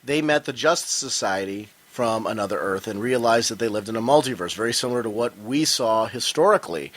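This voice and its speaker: A man's voice: fairly low pitch, animated, brisk, a bit bright. A man co-hosting a casual podcast, talking enthusiastically and often restarting his sentences. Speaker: podcast co-host.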